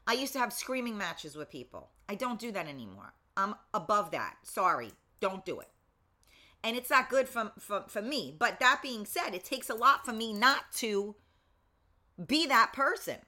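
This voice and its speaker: A middle-aged woman hosting a casual talk show, blunt and swearing freely, losing her voice and often clearing her throat. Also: medium pitch, big pitch swings, moderate pace, sharp tone. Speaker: show host.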